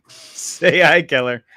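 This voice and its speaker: A man's voice: a little high, sharp tone, no room sound. A man hosting a podcast in casual comedic chat, playful, laughing often and rambling through restarts. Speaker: podcast co-host.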